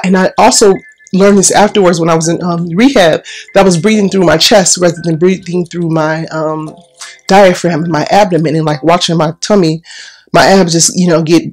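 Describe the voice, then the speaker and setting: A woman telling a personal story in a chatty, animated way, acting out what people said. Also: lowish voice, moderate pace, soft background music. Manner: chatty, animated, restarts and acts out quotes. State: recovering breath after illness. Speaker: vlogger.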